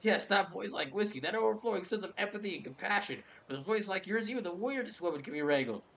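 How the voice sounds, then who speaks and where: Man putting on an eager male clerk, flattering, wheedling, raised voice, lively. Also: high-pitched, fast, creaky, pitched above the performer's own voice, full character voice. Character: eager male telephone club clerk, pleading.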